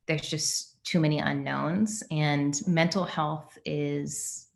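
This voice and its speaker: A woman's voice: low voice, vocal fry. A woman speaking as a panelist in a webinar discussion, in a casual, chatty way.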